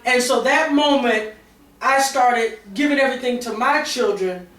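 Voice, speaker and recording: A woman's voice: fairly high pitch, moderate pace, a bit bright. Middle-aged woman, talk panelist, heartfelt confessional storytelling, off-mic in a roomy space. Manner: emotional, candid, many fillers and restarts. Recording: roomy sound from a distance.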